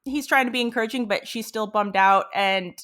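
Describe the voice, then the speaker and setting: A woman's voice: a little high, brisk, a bit bright. A woman co-hosting a podcast, talking through an episode in thoughtful casual chat and reading quotes aloud. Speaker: podcast co-host.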